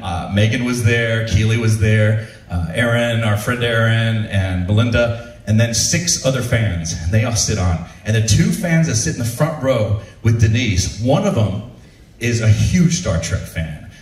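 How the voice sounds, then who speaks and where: A male comedian telling stand-up stories in an animated way, often laughing at his own material. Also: medium pitch. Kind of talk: stand-up storytelling. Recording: roomy, from far off.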